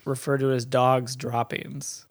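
A man's voice: mid-range voice, level tone, a little slow, no room sound, studio quality. A man co-hosting a comedy podcast, joking around in casual chat. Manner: jokey, does a mock British accent in bits. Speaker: podcast co-host.

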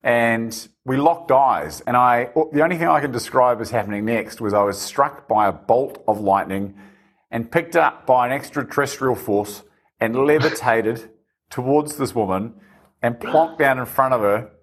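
Husky man telling stories. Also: mid-range voice, moderate pace. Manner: animated, self-deprecating storyteller. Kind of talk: casual conversation, storytelling.

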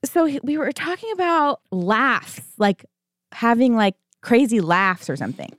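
A woman around thirty co-hosting a podcast, chatting casually and telling stories with lively acted-out quotes. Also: fairly high pitch, unhurried, no room sound, studio quality. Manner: animated storytelling, acting out quotes. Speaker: podcast co-host. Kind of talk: casual chat.

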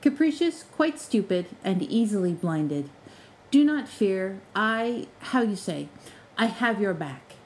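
A woman's voice: mid-range voice, slow pace, a little hiss or hum, rough recording. A woman voicing a male house spirit working as a college porter, formal and dryly polite. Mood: kindly. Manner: formal, deadpan, sly.

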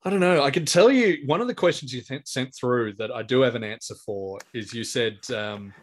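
Brisk and medium-pitched, with few pauses, this Australian comedian in his forties spins anecdotes during a laid-back interview. His storytelling wanders, and he keeps starting his sentences over.

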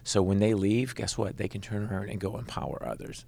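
Deep gravelly middle-aged guy telling his faith story, chatty and animated, keeps saying right. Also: brisk. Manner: animated, conversational, leans on "right?". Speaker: guest, Christian rock musician. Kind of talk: personal testimony storytelling.

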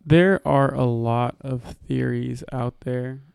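Podcast guy, gravelly but smooth voice, laid back, dry close mic. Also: medium pitch, takes it slowly, no room sound. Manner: relaxed, hedging, talks over others. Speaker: podcast co-host. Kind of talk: casual chat. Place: podcast studio.

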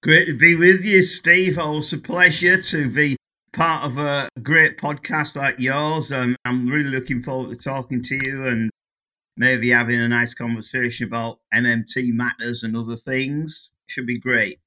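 A man's voice: mid-range voice, steady tone, normal speed, pushed and bright. An English man in his sixties, a guest economist telling stories in a chatty, anecdotal way during a casual interview. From England.

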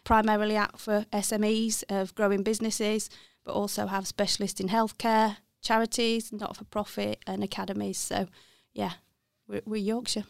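In clean studio audio with no echo, a middle-aged accounting firm partner from the West Midlands chats as an interview guest in a Birmingham accent. Her medium-pitched voice has vocal fry and a level tone, moving at a moderate pace with hardly any pauses. Candid and reflective, she keeps correcting herself mid-sentence and laughs softly.

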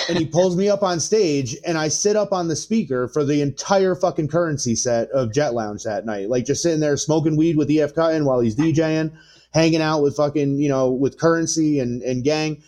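A man in his thirties telling a story in casual, profane chat, rambling with lots of fillers and getting animated. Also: fairly high pitch, a little fast. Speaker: podcast guest.

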